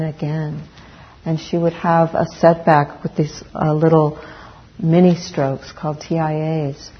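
Middle-aged woman, Buddhist dharma talk, low flat voice, unhurried and reflective, dull recording with faint room hum. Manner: slow, reflective, with many pauses and fillers.

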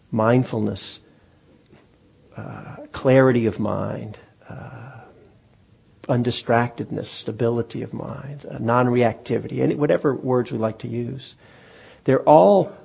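Gravelly-voiced man giving a dharma talk. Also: mid-range voice, lo-fi sound. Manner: relaxed, conversational, frequent ums and restarts. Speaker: meditation teacher. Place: meditation hall with audience.

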